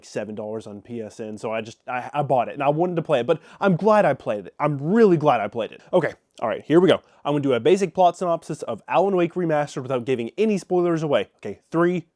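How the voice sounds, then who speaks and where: Fast-talking rambling guy reviewing a game. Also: mid-range voice, darkish tone. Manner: rambling, jokey, self-interrupting.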